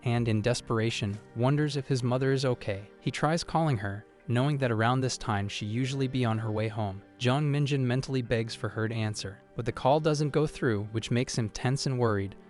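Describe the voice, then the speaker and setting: A man narrating a comic-story recap in an even, scripted third-person telling. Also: medium pitch, a little fast, few pauses. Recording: faint music behind the voice.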